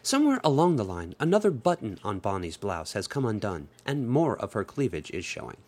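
A man narrating an adult story in an expressive storytelling manner. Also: fairly low pitch, fairly quick. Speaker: audiobook narrator.

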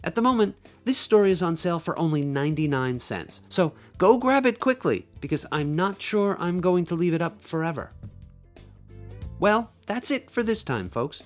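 Male podcaster reading his own fiction, expressive, slightly high voice, faint music under him. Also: moderate pace. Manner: expressive storytelling, playful asides. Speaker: podcast host and author. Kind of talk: reading his own short story aloud.

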